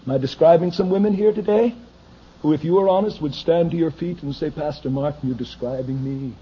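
Pastor guy preaching hard in church, goes quiet then yells, muffled old tape with a little hiss. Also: mid-range voice. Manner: swings from hushed asides to shouted pleas. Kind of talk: fiery sermon. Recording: dull lo-fi archival recording with faint noise.

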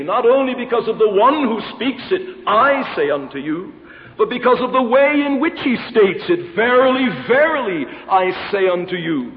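A man preaching a formal, emphatic expository sermon in a church, quoting scripture with a measured cadence. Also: high voice. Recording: dull lo-fi recording in a reverberant hall.

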